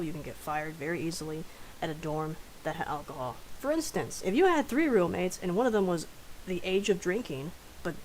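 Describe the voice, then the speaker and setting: A woman's voice: deep voice, darkish tone, a little hiss or hum, poor audio. A young woman telling stories casually on a live stream, chatty and profane, laughing often.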